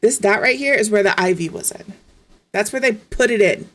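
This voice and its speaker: A woman's voice: medium pitch, moderate pace, a bit bright, a little hiss or hum. Profane, exasperated woman streamer. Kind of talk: casual chat.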